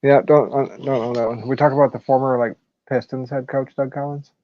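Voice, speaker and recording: A man's voice: medium pitch, steady tone, brisk, no echo, highs cut off. A man on a casual sports podcast, laughing often and cracking crude jokes. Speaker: podcast co-host.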